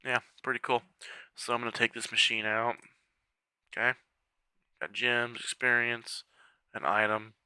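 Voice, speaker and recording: A game walkthrough creator gives casual, chatty commentary over a strategy game, muttering to himself as he clicks through menus while he has the hiccups. His voice is medium pitch, level, bright, smooth, and forceful, unhurried with long pauses, and there's no room sound.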